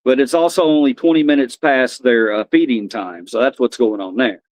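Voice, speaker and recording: A man's voice: medium pitch, a little fast, no room sound. Rambling man chatting on a live stream. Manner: rambling, repeats and restarts phrases. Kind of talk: casual live-stream chat.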